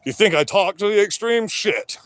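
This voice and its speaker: Loud, rambling man, dry sound. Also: sits high, expressive, normal speed, no echo. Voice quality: always sounds like he is yelling. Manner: loud, rambling and profane, with many "you know"s. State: wired on energy drinks. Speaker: livestreamer. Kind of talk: livestream rant. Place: his work shed. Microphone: phone.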